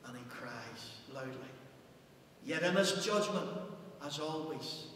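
High-voiced man preaching in echoey church. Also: lively intonation, slow. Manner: impassioned preaching, rising and dropping to near hush. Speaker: pastor. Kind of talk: sermon. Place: church hall. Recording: echoey church hall, distant mic, faint hum.

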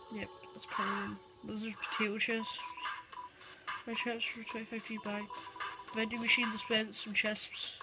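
A woman giving casual let's-play commentary, reading the on-screen text aloud and reacting quickly. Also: fairly high pitch, very noisy. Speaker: gamer. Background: game music.

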